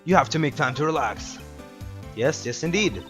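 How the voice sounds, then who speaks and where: A man's voice: on the high side, animated, fairly bright tone, faint music behind. A man voicing a jolly, overbearing older police chief with a put-on, vaguely Canadian accent. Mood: jovial. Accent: put-on odd Canadian-like accent. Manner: hearty, overfriendly, drawn-out words.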